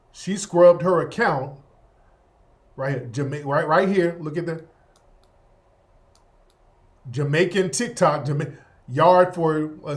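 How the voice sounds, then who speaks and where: A man hosting an online talk show, commenting on video clips in a blunt, mocking, heated way. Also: on the high side. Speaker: host. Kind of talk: casual commentary over clips.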